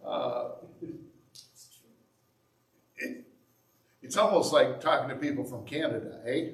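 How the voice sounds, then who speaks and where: A man's voice: medium pitch, animated, takes it slowly. A man with a Southern Indiana accent, preaching a sermon as a pastor in a folksy, joking way. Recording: roomy sound from a distance.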